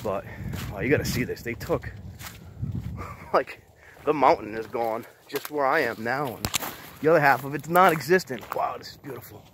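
Male explorer-vlogger, mid-pitched, rambling and enthusiastic, talking outdoors with faint noise behind. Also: expressive, normal speed, pauses often. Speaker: vlogger exploring abandoned sites. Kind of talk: casual walk-and-talk vlog. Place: outdoors on top of a quarry.

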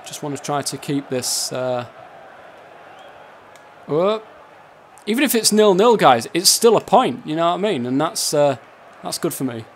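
A man's voice: a little high, lively intonation, a little slow, long pauses, a little hiss or hum. A gaming YouTuber giving casual, swearing, laughing commentary as he plays a football game. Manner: swears a lot, laughs, shouts at players.

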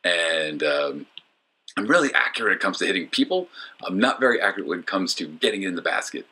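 A man with a deep, slightly husky voice talks over his own footage in a loose, joking way. His tone is bright and his pitch swings widely as he rambles and pokes fun at himself with plenty of ums and uhs. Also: expressive, quick pace. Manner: joking, self-mocking, rambling with fillers. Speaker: disc golf vlogger. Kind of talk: casual voice-over commentary.

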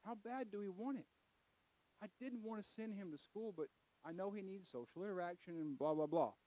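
A middle-aged man preaching a folksy sermon in church, building to loud emphatic peaks. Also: high voice, fairly quick, poor audio.

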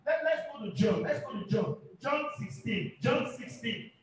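A male pastor preaches fervently in a very high voice, repeating himself and calling for amens. He sounds far from the microphone in a big, booming, echoey hall. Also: animated, moderate pace, a little hiss or hum. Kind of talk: sermon.

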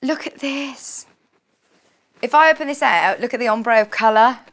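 A woman's voice: a little high, fairly bright tone. Chatty woman selling fabric on live TV. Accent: British English. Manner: chatty, bubbly, chatty asides and quick self-corrections. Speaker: shopping channel presenter. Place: TV studio.

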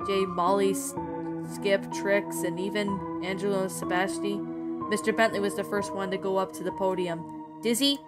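A woman's voice: mid-range voice, little pitch movement, moderate pace. A woman reads a horror story aloud in an ordinary, mid-range voice. She delivers it earnestly, with the occasional stumble, while background music plays throughout. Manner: earnest reading with frequent stumbles. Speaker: creepypasta narrator.

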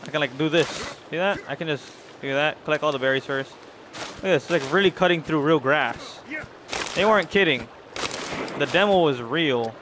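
A man's voice: fairly high pitch, moderate pace, background noise. A young man casually commenting while he plays a video game, rambling to his viewers and to the characters on screen. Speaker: gaming channel host. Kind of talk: casual let's-play commentary.

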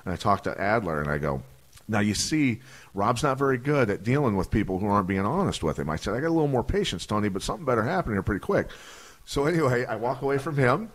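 A man's voice: medium pitch, very animated, fast. A man, a retired fighter telling profane stories on a podcast and acting out the voices of the people in them. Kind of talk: casual storytelling.

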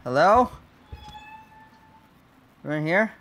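Soft background music accompanies the same jumpy horror let's play, with the host's fairly high, fairly bright voice swinging widely in pitch and drawing out words. He keeps swearing, talks nervously to himself and cries out at scares.

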